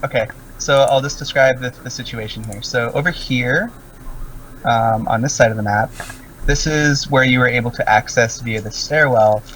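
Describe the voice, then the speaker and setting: A man's voice: medium pitch, normal speed, fairly bright tone, a little hiss or hum. Man narrating as game master. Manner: descriptive, full of "um" and "like". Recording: distant mic with faint music.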